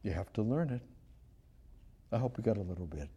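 An older man preaching a sermon with great feeling, swinging from loud, high passages to soft, quiet prayer. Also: lively intonation, brisk, breathy edge.

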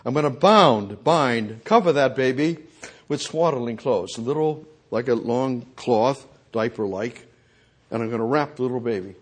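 A man preaching a sermon, swinging from loud, booming declarations to hushed asides and addressing God directly. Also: normal speed, breathy edge.

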